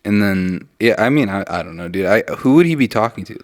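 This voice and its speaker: A man's voice: lowish voice, lively intonation, brisk. A young man co-hosting a comedy podcast, joking, laughing often and swearing in casual chat. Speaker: podcast co-host.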